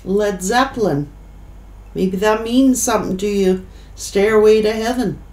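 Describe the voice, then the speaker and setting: A woman giving a tarot reading, emotional and choking up, pausing to collect herself. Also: mid-range voice, a little mellow, echoey room, rough recording. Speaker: tarot reader.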